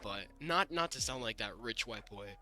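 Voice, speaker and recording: Young man with a bright, raspy voice. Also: medium pitch, expressive, normal speed, soft background music. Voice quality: slightly raspy, throat-clearing. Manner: rambling, lots of fillers and restarts, laughs often. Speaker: podcast co-host. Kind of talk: casual chat.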